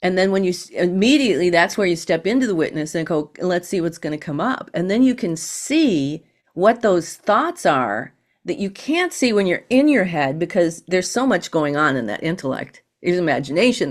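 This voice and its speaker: A woman guest on an interview podcast, explaining ideas in a calm, teaching manner. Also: lowish voice. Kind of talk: interview conversation.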